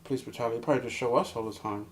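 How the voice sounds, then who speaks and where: A young man guesting in a casual chat, speaking earnestly and haltingly, often repeating words as he restarts. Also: medium pitch, slight background noise.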